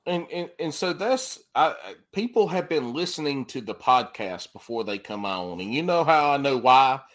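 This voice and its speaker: A man hosting a podcast, bantering crudely and laughing loudly with his guests. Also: mid-range voice, very animated, normal speed. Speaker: podcast host. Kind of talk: casual chat.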